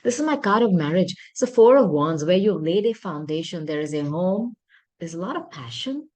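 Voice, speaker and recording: Woman, tarot reader, lowish voice, earnest, apologetic, thinks aloud. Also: expressive, moderate pace, a little mellow. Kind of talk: tarot reading monologue.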